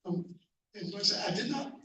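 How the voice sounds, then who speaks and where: A man from the club speaking at a meeting in a measured way with fumbling restarts, heard from a distance in an echoey room. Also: high voice, expressive, bright, forceful tone. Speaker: club member. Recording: echoey hall, distant mic, faint noise.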